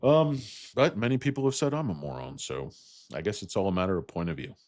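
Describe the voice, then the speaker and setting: A man hosting a stock market livestream, ranting bluntly and profanely while answering chat, with loud outbursts and low muttered asides. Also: big pitch swings, a little fast, a little hiss or hum.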